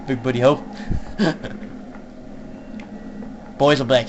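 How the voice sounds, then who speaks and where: A young man giving casual, joking commentary while playing an online horror game, swearing and laughing often and shouting when startled. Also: medium pitch, steady tone, very slow, noisy background. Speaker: gaming YouTuber. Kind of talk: casual let's-play commentary.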